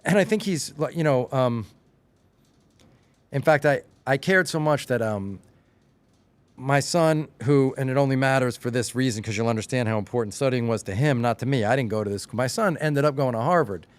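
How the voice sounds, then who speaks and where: A middle-aged man from Long Island with a slight Long Island accent, chatting casually as a podcast guest and telling stories with lively, acted-out quotes. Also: medium pitch, moderate pace, dry recording. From Long Island, New York. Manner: animated storyteller, acts out quotes with rising excitement. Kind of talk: casual chat.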